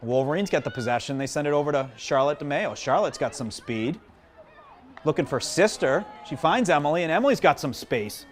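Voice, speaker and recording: A man doing live play-by-play commentary at a high school field hockey game, chatty and self-deprecating, joking with the viewers between plays. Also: expressive, a little fast. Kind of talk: live local sports commentary. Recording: crowd noise behind.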